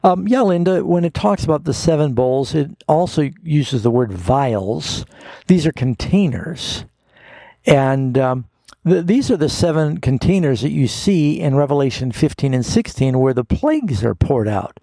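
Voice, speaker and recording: Gravelly dark-voiced pastor answering callers. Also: male voice, a little high, animated, unhurried, no echo. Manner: explanatory, folksy, patient. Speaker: radio Bible program host, pastor. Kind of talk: call-in Bible answers.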